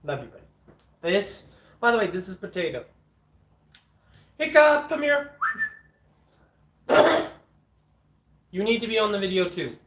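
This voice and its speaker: A man's voice: high voice, expressive, fast, fairly bright tone. Blunt man ranting in an echoey room. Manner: blunt, opinionated, throat-clearing. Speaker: streamer eating on camera and answering chat. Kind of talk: casual rambling chat and rant. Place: home with his dogs.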